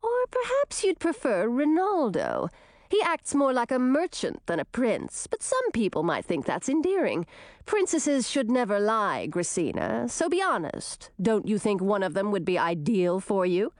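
A woman's voice: mid-range voice, wildly swooping pitch, a little slow, no room sound, clean studio sound. A woman voicing a haughty, bossy teenage princess who talks down to her sister. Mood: condescending. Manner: condescending, chattering.

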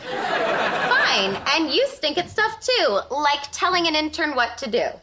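A woman's voice: sits high, wildly swooping pitch, takes it slowly, sharp tone, slight background noise. A woman delivering sitcom dialogue in an earnest, easily rattled way. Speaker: sitcom character.

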